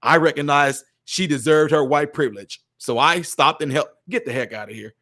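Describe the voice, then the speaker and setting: A man's voice: a little high, moderate pace, sharp tone. A man hosting his channel, reading out viewer comments and answering them in casual, emphatic commentary, often repeating words to stress a point.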